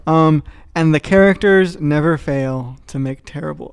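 A man's voice: fairly high pitch, a little slow, creaky, clean tone, dry recording. A man co-hosting a podcast in casual chat, joking and self-deprecating. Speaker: podcast co-host.

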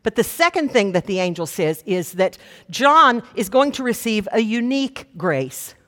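A woman preaching a sermon, teaching with expressive retellings and asides. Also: medium pitch, normal speed. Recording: long reverb of a large hall.

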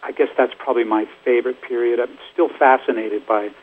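A man's voice: medium pitch, fairly even intonation, a little fast, slight background noise. An older man, a musician guest, telling stories in a rambling, chatty way with lots of fillers. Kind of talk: casual interview storytelling. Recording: phone-like line.

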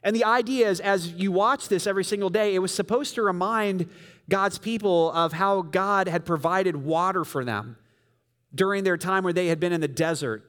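A man preaching a sermon, telling the story vividly and swinging from loud emphasis to soft, quiet lines. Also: sits high, normal speed, clean tone. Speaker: pastor.

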